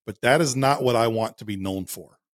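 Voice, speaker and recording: A podcast co-host with a mid-range voice speaks in a thoughtful, conversational manner. The recording is dry and close-miked, with no room sound. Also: male voice, medium pitch, fairly quick, dry recording. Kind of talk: casual chat.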